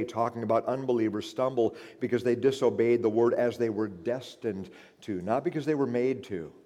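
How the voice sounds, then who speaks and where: A male pastor preaching a sermon, building to loud, emphatic outbursts and then easing back into a steadier explaining voice. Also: on the low side. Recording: reverberant hall.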